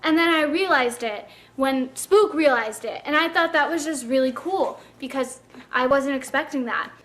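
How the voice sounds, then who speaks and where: A woman's voice: sits high, normal speed, fairly bright tone. A woman reviewing a book in a casual vlog, gushing and chatty with lots of "like" fillers.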